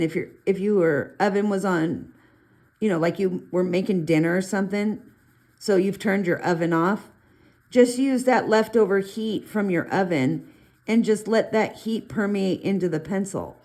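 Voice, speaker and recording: A middle-aged woman casually talking through a colored pencil demo, chatty and rambling with animated asides. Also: fairly low pitch. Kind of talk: casual art tutorial talk.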